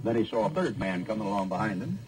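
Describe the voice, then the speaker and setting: Folksy low-voiced preacher storytelling. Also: male voice, fast talker, over music, poor audio. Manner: colloquial, animated retelling.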